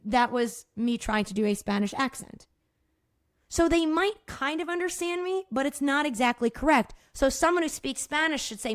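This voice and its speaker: A middle-aged woman hosting her own podcast as a movement therapist, explaining in a casual, energetic way, swearing freely and laughing at herself. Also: high-pitched, normal speed, no room sound, studio quality.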